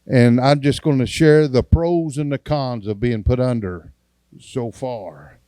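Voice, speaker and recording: A man's voice: medium pitch, measured pace, mellow, clean tone, no echo. A man, an evangelist giving a testimony sermon in a church and acting out the dialogue in his story in a folksy way.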